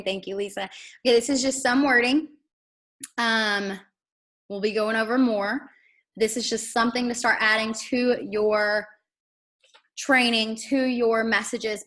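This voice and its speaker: A woman's voice: medium pitch, fairly bright tone. A woman giving an earnest, emphatic motivational training to her team over a video call, with apologetic asides. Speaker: network marketing team coach.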